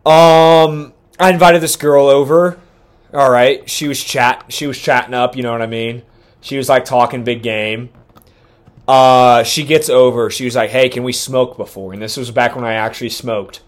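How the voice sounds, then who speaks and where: A young man co-hosting a casual podcast, talking crude and boastful. His pitch sits in the middle for a man but leaps high and loud when he gets worked up. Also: fairly even intonation, moderate pace. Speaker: podcast co-host.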